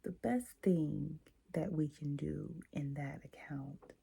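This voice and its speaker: A woman's voice: low voice, slow, creaky, slightly rough. A woman hosting a self-help talk, coaching listeners and acting out little example exchanges. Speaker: host and coach. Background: quiet, late at night.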